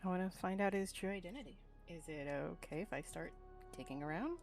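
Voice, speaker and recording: A woman's voice: fairly low pitch, fairly quick. A woman streamer reading game dialogue aloud, with wry short replies. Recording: live stream over faint game music.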